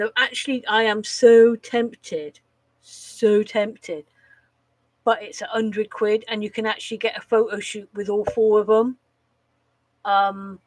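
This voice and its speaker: A woman's voice: fairly high pitch, dry recording, poor audio. A woman chatting casually on a live stream, rambling, swearing freely and laughing at her own jokes.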